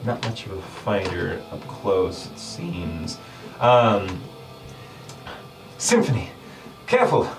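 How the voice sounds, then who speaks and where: A man with a lowish voice narrates a tabletop fantasy battle as game master, full of "um"s and small laughs. He sits away from the mic, with background music under him. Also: expressive, takes it slowly, pauses often, far from the mic. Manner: descriptive, with many fillers and laughs.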